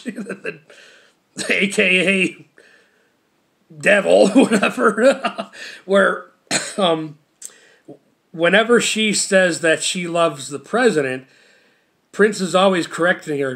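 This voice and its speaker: A giggly man rambling through a casual episode recap, constantly breaking into laughter. His voice sits a touch high, and he wanders along with plenty of "uh" and "you know". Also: slow, gravelly, long pauses, bright, forceful tone. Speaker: show reviewer.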